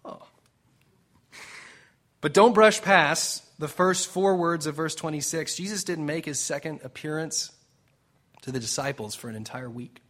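A man preaching a sermon as pastor, animated and emphatic, slipping into dramatic quoted lines with pauses and now and then drifting off the mic. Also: a little high. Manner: jokes with the congregation.

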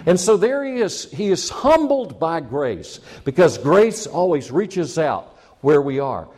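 A man's voice: on the high side, big pitch swings, unhurried, a little mellow. A man preaching a sermon, telling a personal story in a chatty, self-mocking way and chuckling at his own jokes.

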